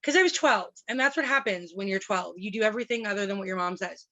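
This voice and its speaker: A woman's voice: mid-range voice, quick pace. A woman in her thirties, a podcast guest, telling stories frankly and with lots of animation. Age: 30s. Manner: frank, animated storytelling with swearing and laughs. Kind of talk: candid podcast conversation.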